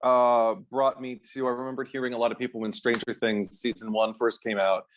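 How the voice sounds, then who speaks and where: A man's voice: medium pitch, little pitch movement, fairly quick, slight background noise. A man co-hosting a film podcast in casual chat, rambling enthusiastically with many fillers. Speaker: podcast co-host.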